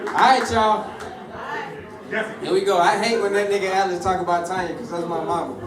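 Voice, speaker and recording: A man's voice: high voice, fairly even intonation, normal speed. A man doing a stand-up set in a comedy club, teasing the audience in a brash, profane way. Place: comedy club stage before a crowd. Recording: roomy club sound, mic at a distance, loud crowd.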